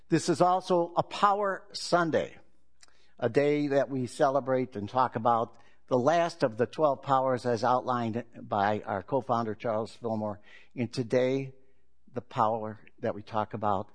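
A male pastor preaching a sermon in a relaxed, conversational storytelling manner, opening with a joke. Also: medium pitch.

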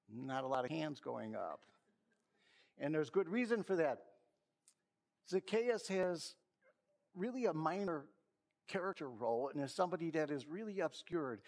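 A pastor giving a sermon, opening with a joke and telling it in an easygoing storyteller's way before turning to a Bible story. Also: male voice, on the high side. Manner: storytelling, gently self-mocking.

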